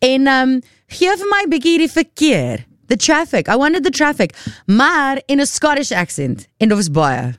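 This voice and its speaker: A woman's voice: sits high, very animated, normal speed, clear, resonant tone, no room sound. A South African woman hosting a radio show, chatting playfully and poking fun at herself from a studio. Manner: chatty and playful, self-mocking. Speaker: radio host. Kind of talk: casual radio chat. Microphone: studio microphone.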